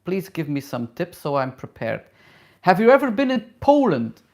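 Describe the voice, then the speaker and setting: A middle-aged man, a travel vlogger and hairdresser, reads viewer questions aloud in a live Q&A and answers in halting, non-native English with many fillers. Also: sits high, very animated, creaky. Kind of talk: live Q&A, casual chat.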